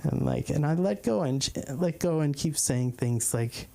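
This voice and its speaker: Man comic with a warm, dark tone, stumbling through a bit at open mic. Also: fairly high pitch, expressive, creaky, slight background noise. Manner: halting, repeats words while telling a story. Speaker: stand-up comic. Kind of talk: stand-up comedy.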